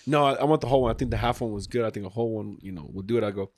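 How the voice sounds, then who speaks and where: Swearing freely and acting out quotes, this podcast host rambles through a story in casual chat. He has a fairly low, slightly mellow voice and a rapid-fire delivery.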